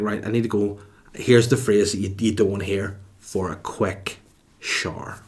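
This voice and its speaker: Northern irish guy in his 30s, lowish voice, ranting comic stories on his podcast, swears a lot. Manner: animated, exasperated storytelling with swearing. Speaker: comedian podcast host. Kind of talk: comedic monologue. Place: cold room at home.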